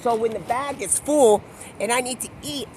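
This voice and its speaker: A young man livestreams a rambling monologue, free-associating from one loose thought to the next and acting out the voices of people in his stories. His voice is very high-pitched with a darkish tone at normal speed, with a little hiss or hum in the audio.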